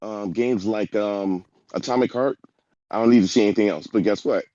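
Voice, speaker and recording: Low dark-voiced man on a dull mic. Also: normal speed, no echo. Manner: emphatic, rambling. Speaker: podcast guest. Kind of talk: casual podcast chat.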